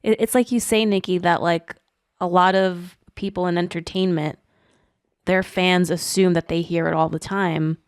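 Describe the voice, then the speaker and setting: A woman co-hosts a podcast with a lowish voice. She talks softly and haltingly, with fillers between thoughts. The recording is dry and close. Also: fairly even intonation, smooth, no room sound. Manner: soft, hesitant phrasing with fillers. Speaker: podcast co-host. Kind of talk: casual chat.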